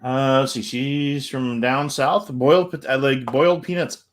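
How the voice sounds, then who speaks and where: A man's voice: mid-range voice, steady tone, a little slow. Brief: male co-host, easygoing and rambling, reads viewer messages between casual chat.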